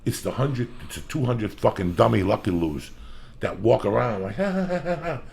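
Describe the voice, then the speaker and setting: A man hosting a podcast, ranting loudly and profanely in comedic style. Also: mid-range voice, expressive, moderate pace, creaky. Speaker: podcast host.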